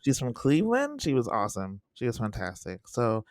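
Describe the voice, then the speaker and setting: A man co-hosting a podcast in casual chat, animated and repeating himself as he talks in bursts. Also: medium pitch, brisk, dry recording, studio quality. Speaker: podcast co-host.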